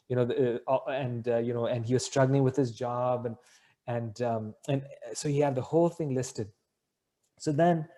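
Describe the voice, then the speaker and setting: Give me a mellow-voiced man earnestly telling a story in a question-and-answer talk. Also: mid-range voice. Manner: rambling, self-correcting, earnest. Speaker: spiritual speaker answering a question.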